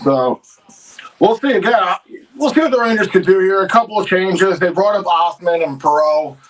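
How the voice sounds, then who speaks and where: A man's voice: high-pitched, lively intonation, normal speed, recorded from a distance, low-quality recording. Frustrated man ranting about his team. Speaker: livestream co-host. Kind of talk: casual hockey chat.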